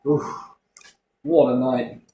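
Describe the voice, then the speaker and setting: A man's voice: mid-range voice, steady tone, slow, dark tone. Man swearing through rambling stories. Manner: profane, rambling anecdotes, heavy swearing. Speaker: storyteller in a casual chat. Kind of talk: casual chat. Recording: roomy, distant mic, faint noise.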